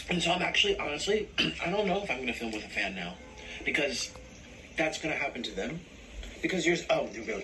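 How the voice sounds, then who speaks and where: A man ranting on a vlog in a sarcastic, animated, complaining way. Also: fairly high pitch, quick pace, a little hiss or hum, rough recording. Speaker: vlogger. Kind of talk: casual vlog rant.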